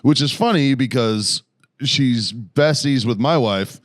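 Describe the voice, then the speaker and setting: A man's voice: mid-range voice, slow pace, no room sound, clean studio sound. A man co-hosting a podcast in casual chat, laid-back, chiming in often and swearing. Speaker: podcast co-host.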